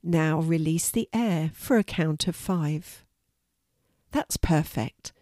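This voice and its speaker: A woman doing a calm, kind young girl. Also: low voice, slow pace, no room sound, studio quality. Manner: calm and instructive.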